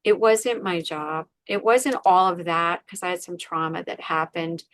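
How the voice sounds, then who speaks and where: A woman's voice: lowish voice, a little slow, fairly bright tone, no echo. A woman, a podcast guest, candidly retelling a painful personal story with many fillers. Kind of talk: emotional personal story in an interview.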